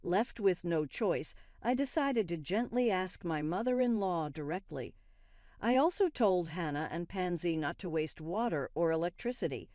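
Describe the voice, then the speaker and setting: A woman narrating a first-person family story in a steady, scripted way. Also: fairly low pitch, normal speed, no echo, studio quality.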